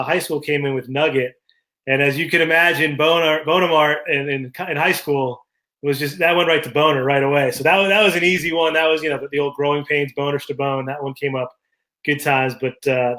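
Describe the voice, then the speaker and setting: A man co-hosts a relaxed chat and wanders through anecdotes. His voice sits a little high, and his talk is loose and full of fillers. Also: brisk. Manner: rambling, anecdotal, frequent fillers. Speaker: podcast co-host. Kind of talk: casual chat.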